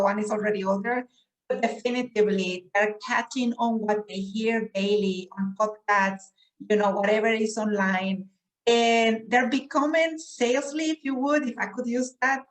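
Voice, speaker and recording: A woman's voice: a little high, low-quality recording. A middle-aged woman adding thoughts to an online panel discussion over a video call, rambling and correcting herself as she goes. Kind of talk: discussion contribution.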